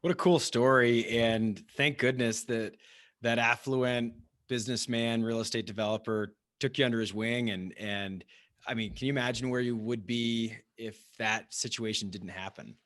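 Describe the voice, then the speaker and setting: A man's voice: medium pitch, fairly even intonation, normal speed, a bit bright, dry recording, studio quality. A man hosting a podcast, asking the guest friendly, encouraging questions. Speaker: podcast host. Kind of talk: interview questions.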